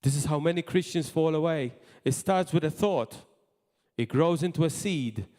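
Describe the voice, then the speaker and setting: A man preaching a sermon as pastor, in impassioned bursts that drop to quiet asides. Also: a little high, normal speed. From Malta. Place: church hall. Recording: long hall reverb.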